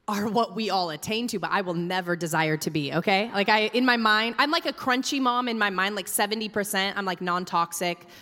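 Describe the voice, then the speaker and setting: A young woman pastor's fairly bright, mid-range voice rings through a large church hall with long reverb. Her sermon unfolds as chatty, humorous storytelling, full of fillers.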